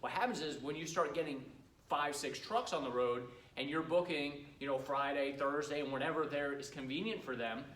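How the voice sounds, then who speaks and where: A man's voice: a little high, moderate pace, fairly bright tone, reverberant, far from the mic, low-quality recording. A middle-aged man running a cleaning business gives a casual training talk to a live audience, telling stories and acting out customers' lines. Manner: chatty storyteller who acts out customers' lines.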